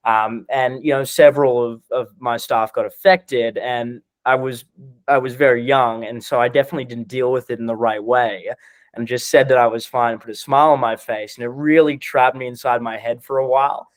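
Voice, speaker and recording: A man's voice: medium pitch, fairly even intonation, brisk, no echo. A young man in his twenties, speaking hesitantly with many restarts while describing a personal struggle on a podcast. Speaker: guest being coached. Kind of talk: casual podcast conversation.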